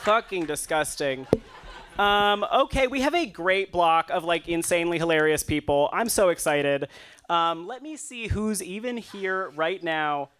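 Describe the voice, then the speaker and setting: A man's voice: high voice, expressive, unhurried, fairly bright tone. A man hosting a comedy show, joking casually between acts. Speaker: show host, emcee. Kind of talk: emcee banter. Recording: noisy room.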